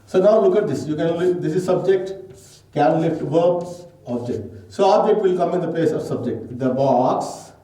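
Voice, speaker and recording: Male teacher, Indian English accent, grammar lesson, mellow voice, echoey room, mic at a distance. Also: on the high side, moderate pace. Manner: explains step by step, asks and answers own questions.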